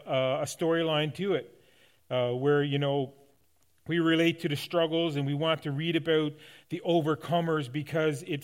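A man, the pastor of his church, preaching a conversational sermon to his congregation, with frequent restarts and light laughs. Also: fairly high pitch. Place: church sanctuary.

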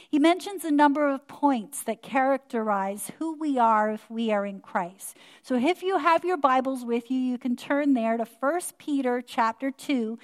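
An older woman pastor delivering a sermon in a measured, earnest manner. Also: a little high.

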